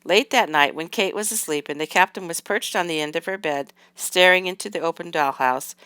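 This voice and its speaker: A woman reading a children's book aloud in a calm, even narration. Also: fairly low pitch, a little fast, clear, resonant tone, no room sound. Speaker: reader.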